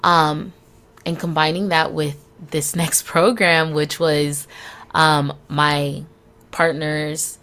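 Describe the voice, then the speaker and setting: A young woman hosting a solo podcast, speaking candidly and frankly, swearing freely and laughing between phrases. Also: sits low. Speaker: podcast host.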